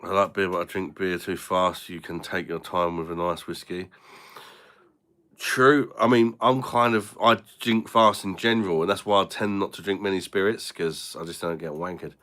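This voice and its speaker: Host, low and bright-toned, blunt, swears freely, banters with chat. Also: male voice, fairly even intonation, moderate pace. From Britain. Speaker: beer reviewer hosting a live stream. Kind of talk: casual live-stream chat.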